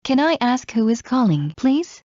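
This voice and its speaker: A woman reading everyday English phrases aloud one by one, in a measured drill with a pause after each phrase. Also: on the high side, sing-song, dark tone, no echo. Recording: dull lo-fi dry recording.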